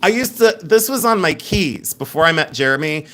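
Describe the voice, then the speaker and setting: A woman's voice: low-pitched, animated, moderate pace, a bit bright. A middle-aged woman hosting a live jewelry sale in a chatty, joking way, laughing often. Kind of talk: live-stream sales chat.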